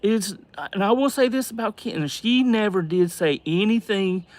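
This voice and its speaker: A man's voice: sits high, moderate pace, dry recording. A man hosting a casual livestream, rambling and hesitant as he reads out and answers viewer comments. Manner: rambling and hesitant, many fillers and restarts. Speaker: livestream host.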